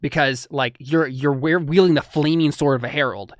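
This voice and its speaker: A man's voice: on the high side, steady tone, normal speed, no room sound, studio quality. A young man narrating as game master in a rambling way with many restarts. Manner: rambling, full of fillers and restarts.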